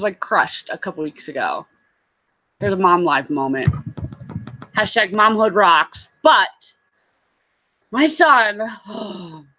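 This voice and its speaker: Speaking in a bright, forceful mid-range voice, a woman hosts a relaxed live stream and laughs frequently as she welcomes viewers by name. She's a reseller, and the stream's lo-fi sound is a little dull.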